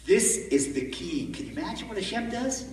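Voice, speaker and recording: A man giving an animated storytelling sermon as a rabbi at a conference, recorded from far off in a large echoey hall. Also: sits high, moderate pace. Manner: animated, acts out the story in voices.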